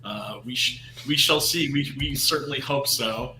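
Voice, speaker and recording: A man's voice: medium pitch, normal speed, sharp tone. A man co-hosting a casual movie podcast, talking hesitantly with many fillers. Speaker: podcast co-host. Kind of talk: casual chat. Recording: echoey room, faint noise.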